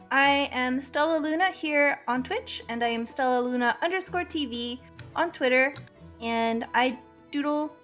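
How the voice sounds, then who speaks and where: A woman's voice: high voice, fairly bright tone. A woman player on a tabletop game stream who introduces herself in a bubbly, playful way. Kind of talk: casual chat.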